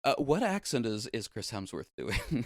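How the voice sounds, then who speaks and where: A man's voice: mid-range voice, sing-song, normal speed, dry recording, studio quality. A man co-hosting a casual movie review podcast, joking around and laughing often. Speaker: podcast co-host.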